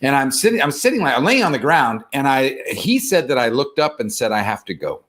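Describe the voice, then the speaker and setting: A man telling a personal story in casual conversation, animated and self-deprecating. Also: mid-range voice, brisk.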